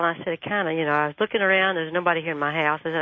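A woman guest calling in to a radio show, telling a story and acting out the dialogue with lively energy. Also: deep voice, very fast, few pauses, slight background noise. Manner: animated, acts out dialogue. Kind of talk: phone-in storytelling. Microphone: telephone. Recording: tinny phone line.

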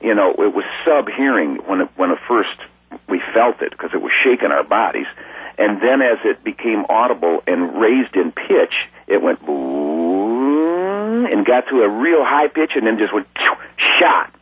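A folksy, rambling man tells his story as a guest, his voice set a little low and slightly husky. It comes through a tinny, dry phone line, so it sounds thin and close with no room around it. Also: normal speed, no echo. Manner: folksy, rambling, animated when excited. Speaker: interview guest, musician. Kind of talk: casual storytelling.

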